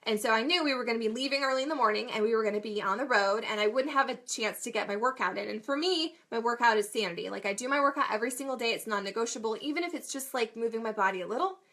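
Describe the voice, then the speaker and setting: A bright, forceful woman in her thirties chats to her viewers like a friend, self-deprecating and quick to laugh. Her voice sits a little high, and she talks in loose, casual runs. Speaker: mom vlogger and coach. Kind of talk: casual talk to camera.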